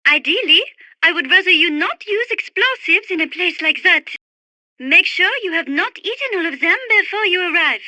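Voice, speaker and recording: A soft-spoken French birdwatcher. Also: female voice, extremely high pitch, animated, moderate pace, no echo, heavily acted. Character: refined young French woman birdwatcher, gentle and dreamy. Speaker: radio support character. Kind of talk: game radio dialogue.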